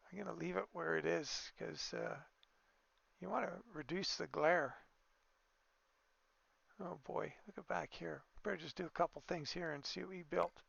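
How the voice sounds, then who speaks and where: A man with a heavily gravelly voice talks through a truck-building game in an easygoing, off-the-cuff way, thinking aloud as he goes. The sound is dry and a little dull, recorded close on a desk microphone. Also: on the high side, a bit bright, no echo. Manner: easygoing, thinking aloud with fillers and small exclamations. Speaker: gaming video creator. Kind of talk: casual gameplay commentary.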